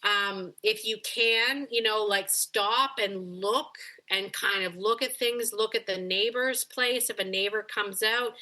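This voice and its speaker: A woman's voice: medium pitch, fairly even intonation, slow, hardly any pauses, bright, forceful tone. A woman dog behavior coach on a coaching call, talking animatedly and acting out the voices of dogs and owners.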